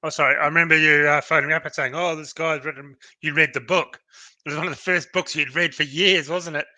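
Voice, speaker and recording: An Australian man co-hosts a relaxed live-stream chat, blunt and jokey and quick to curse. His voice sits a little above the usual male range and has a very bright, sharp, forceful edge. The sound is dry and close, with no room around it. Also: a little high, no echo. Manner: blunt, joking, swears, laughs easily. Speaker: co-host.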